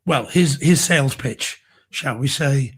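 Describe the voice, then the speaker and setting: A man co-hosting a casual home theater chat show, his voice going hoarse, talking with enthusiasm about films and discs. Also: medium pitch, unhurried. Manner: enthusiastic, effusive. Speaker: co-host.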